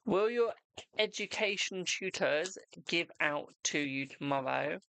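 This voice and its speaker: A man's voice: a little high, expressive, measured pace, creaky, sharp tone, no echo. Chatty man reading tarot live. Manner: chatty, affectionate, calls viewers darling and boo. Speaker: tarot reader hosting a live stream. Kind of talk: casual live-stream chat with viewers.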